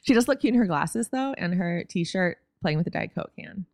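A woman's voice: fairly low pitch, animated, moderate pace, creaky, darkish tone, no room sound, clean studio sound. A woman co-hosting a podcast, recapping a TV episode in casual, wry chat. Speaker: podcast co-host.

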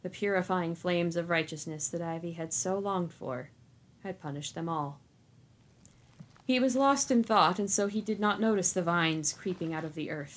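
A woman narrating a dark fantasy story in a calm, even reading. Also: lowish voice.

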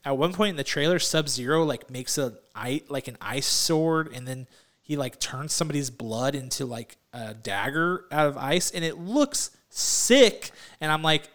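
Chatty podcast guy, excited and laughing. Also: fairly high pitch, normal speed. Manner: excitable, laughs often, peppered with "like". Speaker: podcast co-host. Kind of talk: casual chat. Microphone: remote call.

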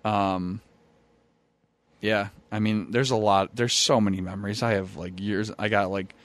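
A young man chatting casually on a podcast, swearing freely, who tells rowdy stories and acts out quotes louder. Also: fairly low pitch, fairly even intonation, a little slow, no echo. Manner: laid-back, profane, acts out quotes loudly. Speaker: former pro wrestler, guest. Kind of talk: casual podcast chat, storytelling. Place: studio. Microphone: studio mic.

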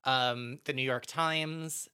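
A man's voice: medium pitch, steady tone, slow, bright, forceful tone, clear, resonant tone. A man hosting a podcast, telling a true-crime story in a casual, chatty way, full of fillers and self-corrections. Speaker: podcast host.

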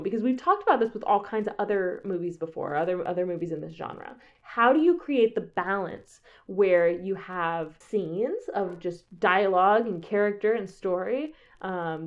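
A woman's voice: mid-range voice, dull audio. A woman co-hosting a podcast, making an enthusiastic, profane case for a film in casual chat. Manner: enthusiastic, profane, builds arguments. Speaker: podcast co-host.

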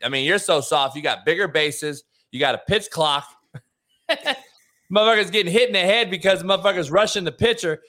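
Loud profane sports host guy, bright voice, laughing while he rants. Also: high voice, a little fast. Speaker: show host. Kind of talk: casual sports debate.

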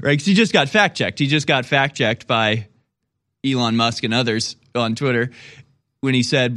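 A male host delivering political commentary with heavy sarcasm, rambling through asides and jokes. His voice sits at an ordinary mid pitch for a man, neither high nor low. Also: moderate pace, a bit bright.

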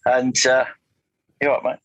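Interview guest: middle-aged man, bright and forceful tone, anecdotal and rambling, dry sound. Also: mid-range voice, completely flat delivery, normal speed, no echo, low-quality recording. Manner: rambling, anecdotal, frequent restarts and fillers. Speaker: guest, motorcycle test rider. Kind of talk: casual storytelling interview.

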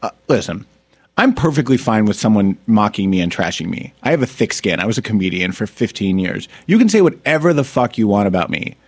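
A man's voice: on the low side, big pitch swings, brisk, darkish tone. A man hosting a podcast, a former comedian, ranting in a blunt, profane, indignant way. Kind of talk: casual podcast rant.

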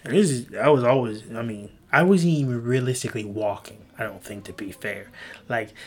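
A man's voice: medium pitch, moderate pace, a little mellow, breathy edge. A young man rambling on his own podcast from a room at home, self-mocking, loose and profane. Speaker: podcast host. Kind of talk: casual solo podcast rambling.

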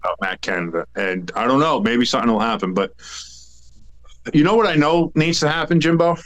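Casting: male sports podcast co-host, mid-pitch, rambling and jokey. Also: animated, brisk, a bit bright. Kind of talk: casual sports chat.

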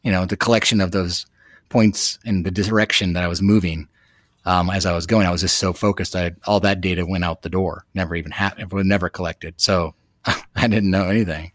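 A man guest telling a dramatic personal story in an animated way, with many restarts. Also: low voice, a little fast, dry recording, clean studio sound. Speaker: podcast guest. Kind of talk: storytelling anecdote.

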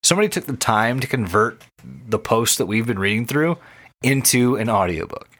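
A man's voice: medium pitch, big pitch swings, moderate pace, a bit bright, breathy edge. A man co-hosting a casual podcast, speaking enthusiastically and emphatically, with occasional swearing. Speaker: podcast co-host. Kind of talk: casual chat.

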